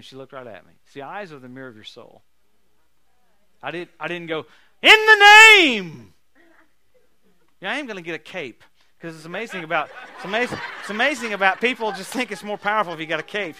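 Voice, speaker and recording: Bright-voiced animated male preacher. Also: high-pitched. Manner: animated, folksy, laughing storytelling. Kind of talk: sermon with storytelling.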